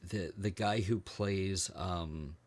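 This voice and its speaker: Deep-voiced man chatting loosely. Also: takes it slowly. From United States. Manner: rambling, joking, trails off with ums. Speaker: podcast co-host. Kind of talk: casual chat.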